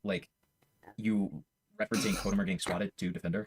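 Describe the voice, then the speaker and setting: Halting, hedging man asking questions. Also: low voice, fairly even intonation, noisy background. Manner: halting and hedging, full of likes and restarts. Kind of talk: casual call conversation.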